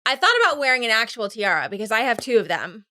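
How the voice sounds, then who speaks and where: Woman, young adult, playful casual chat, bright tone, fairly high pitch. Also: animated, fast, no echo, clean studio sound. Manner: playful, joking asides. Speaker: podcast co-host.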